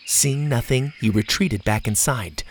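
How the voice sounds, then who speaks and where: A man narrating a children's adventure story with an animated, expressive reading. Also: medium pitch, a little slow, a little hiss or hum.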